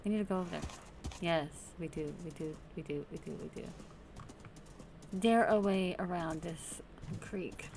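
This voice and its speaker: A woman's voice: on the low side, normal speed, pauses often, darkish tone, a little hiss or hum. A woman host casually commenting on her Minecraft play, chatty and playful, talking to the game's characters. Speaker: gaming channel host.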